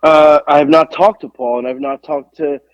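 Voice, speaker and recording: A man co-hosting a podcast, sounding stuffy from allergies and rambling through animated stories in casual chat. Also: fairly high pitch, normal speed, no echo, dull audio. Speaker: podcast co-host. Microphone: podcast mic.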